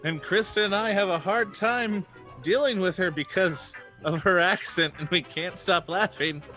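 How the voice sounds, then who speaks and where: A male comedian delivers a mock sponsor message in a dry, deadpan manner. His voice is bright and a little high, and it sits over faint music. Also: moderate pace, poor audio. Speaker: comedian doing a sponsor bit. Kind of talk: jokey mock sponsor read.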